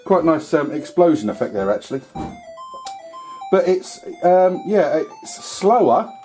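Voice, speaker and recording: A retro gaming YouTuber plays an old computer game while giving casual, rambling commentary peppered with filler words and mild swearing. His voice is on the high side, warm and very animated, a little slow, with faint music behind.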